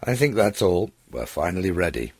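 A man voicing an earnest, worried older man in an audiobook story, speaking in a measured way. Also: sits low, sing-song, a little mellow, husky, dry recording, full character voice.

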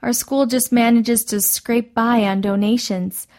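A woman's voice: fairly high pitch, steady tone, unhurried, a little mellow. A woman voicing a kind young mission teacher who speaks in an eager, encouraging way.

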